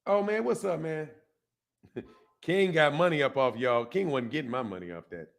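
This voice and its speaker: Here the older retired Omaha native sounds higher and creaky, animated but at a normal speed, as he runs a casual boxing livestream. He talks loosely, drops lots of slang, laughs, and replies to chat.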